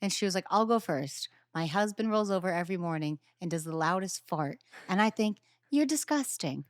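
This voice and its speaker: A woman's voice: lowish voice, brisk, no room sound, studio quality. A young adult woman hosting a podcast in casual chat, telling stories with acted-out quotes and casual swearing. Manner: animated storyteller, acts out quotes, swears casually. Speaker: podcast host.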